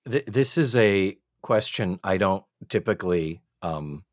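Animated, exasperated male podcaster. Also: low-pitched, a little slow, no echo, studio quality. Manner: animated, exasperated, swears for effect. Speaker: podcast co-host. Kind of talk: casual chat recapping a TV show.

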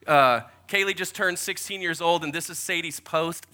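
Male pastor, forties, high voice, sermon, animated storytelling. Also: moderate pace, few pauses. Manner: animated, jokey storyteller who acts out quotes.

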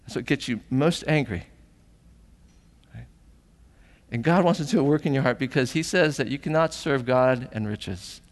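A man's voice: normal speed, pauses often, in a large hall. A middle-aged man preaching a sermon as pastor, telling stories animatedly and acting out voices. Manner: animated storytelling, acting out voices with big pitch jumps.

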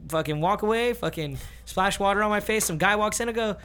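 A young man telling a long story in casual, profane podcast chat, animated and slipping into quoted voices. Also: sits high, a little fast, clear, resonant tone. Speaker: podcast host.

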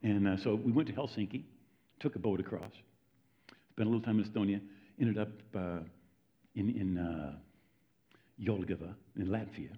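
With a voice on the low side, a man preaches at a moderate pace, leaving long pauses. He is American, tells his sermon conversationally as a story, and frequently checks in with his audience; the recording sounds dull and lo-fi.

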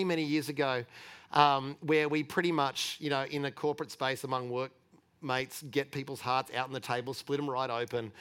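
Male pastor, middle-aged, relaxed conversational sermon, candid and chatty. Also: mid-range voice. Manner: chatty and candid, with frequent restarts and light laughter.

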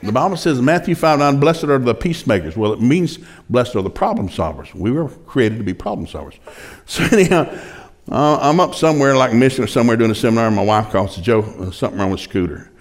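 A man's voice: medium pitch, expressive, fast. An older man preaching a sermon, telling a funny story in a folksy, chuckling way. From rural Oklahoma.

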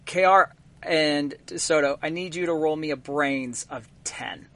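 A man running a tabletop role-playing game as game master, narrating the scene haltingly with frequent ums and uhs. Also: on the high side, fairly bright tone.

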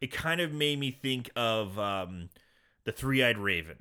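A man's voice: mid-range voice, lively intonation, a little slow, sharp tone, clear, resonant tone. A man co-hosting a podcast, trading jokes, swearing and pop-culture references in casual chat. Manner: joking, profane banter with pop-culture asides. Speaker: podcast co-host.

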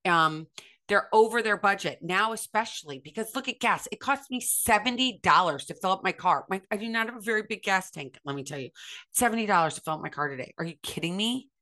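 A middle-aged woman from the United States speaks with a bright, forceful voice in an impassioned motivational talk. She is earnest and emphatic and hammers points home by repeating them. Her pitch sits in the middle range for a woman. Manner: acts out others' voices in quoted speech. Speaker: speaker on recovery and self-acceptance.

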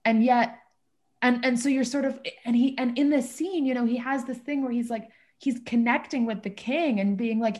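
A woman in a casual discussion of a play, rambling and animated, with many restarts and fillers. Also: fairly high pitch, normal speed. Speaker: discussion participant.

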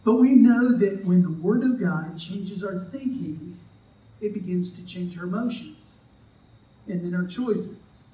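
A man's voice: high-pitched, unhurried, dark tone, far from the mic, slight background noise. A man preaching as a pastor, in a joking, conversational way, acting out the voices of the people he quotes. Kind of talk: sermon. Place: church sanctuary. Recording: echoey church hall, mic from afar.

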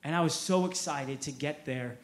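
A man's voice: a little high, moderate pace, reverberant. A man preaching a sermon, telling a story with energy, repeating words and acting out the quotes.

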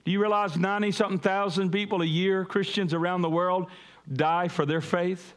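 A pastor preaching a sermon, calling on the congregation to repeat after him and building to emphatic peaks. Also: male voice, sits high, fairly even intonation, a little fast. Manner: call-and-response preaching, rising to emphatic peaks.

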